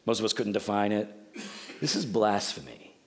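A pastor giving a sermon in a joking, conversational, storytelling manner. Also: male voice, lowish voice, normal speed.

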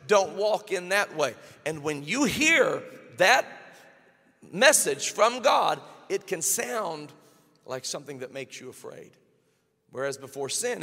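A male pastor preaching a sermon emphatically, swelling to loud peaks and dropping to quiet lines. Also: high voice. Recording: long hall reverb.

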